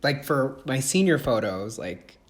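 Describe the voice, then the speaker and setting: A man's voice: medium pitch, big pitch swings, unhurried. A young man, an acting student, chatting eagerly on a video call with a rambling manner full of "like". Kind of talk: casual chat on a video call.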